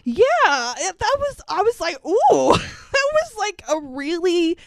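A woman's voice: very high voice, big pitch swings, measured pace, dry recording. A woman co-hosting a movie review podcast, casual and sarcastic, swearing and laughing often. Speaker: podcast co-host.

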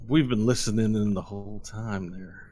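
A man's voice: fairly low pitch, steady tone, normal speed, dark tone, a little hiss or hum, natural voice. A man voicing a sly female gang leader who taunts the heroes with a mocking drawl. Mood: smug.

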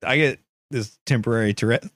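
A man's voice: mid-range voice, fairly quick, a bit bright, dry recording, studio quality. A man co-hosting a casual comedy podcast, swearing and laughing in loose banter while fighting off the hiccups. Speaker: podcast co-host.

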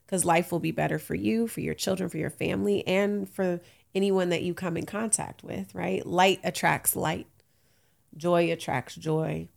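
A woman's voice: fairly low pitch, fairly even intonation, normal speed, gravelly. A woman in her late thirties hosting a casual solo podcast, candid and uplifting, laughing often, with African American Vernacular English. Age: late 30s. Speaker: podcast host.

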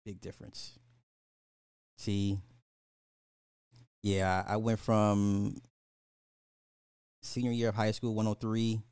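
A man's voice: fairly low pitch, little pitch movement, takes it slowly, long pauses, a little mellow, clear, resonant tone, no room sound, clean studio sound. A man hosting a podcast, rambling in casual commentary, laughing and apologizing for going off track. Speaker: podcast host.

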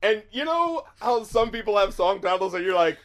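A man's voice: high voice, very animated, moderate pace. A man co-hosting a podcast, talking casually and animatedly, laughing often and swearing freely while he reacts to rap lyrics. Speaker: podcast co-host. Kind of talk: casual chat.

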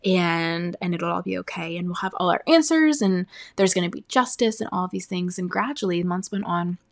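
A young woman telling a personal faith testimony in an earnest, halting way, full of "um" and "like". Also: lowish voice, vocal fry. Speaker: speaker sharing a faith testimony.

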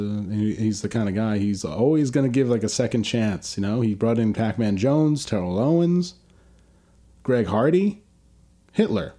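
A man's voice: fairly low pitch, moderate pace, mellow. A man co-hosting a podcast, riffing through absurd comedic bits in casual chat, with frequent ums. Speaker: podcast co-host.

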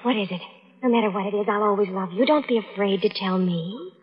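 A woman's voice: on the high side, very animated, moderate pace. An actress in an old radio drama playing a scheming young woman who coaxes a confession from her fiancé and then blackmails him. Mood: coaxing. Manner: sweetly coaxing, then cold and cutting. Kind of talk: 1940s radio drama acting. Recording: dull, lo-fi old radio recording.

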